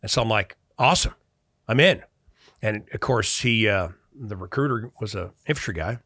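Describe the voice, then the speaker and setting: Brief: middle-aged man from Chicago, bright voice, dry close sound, lively storyteller. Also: lowish voice, moderate pace, husky, no echo. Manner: animated, acts out quoted dialogue. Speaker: guest. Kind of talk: casual storytelling in conversation.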